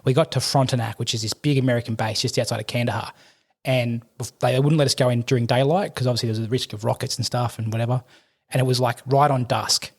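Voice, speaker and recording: A man's voice: mid-range voice, steady tone, vocal fry. A middle-aged Australian man, a podcast guest, telling rambling war anecdotes in casual chat. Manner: rapid, rambling anecdotes with laughter. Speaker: podcast guest, army veteran and firefighter.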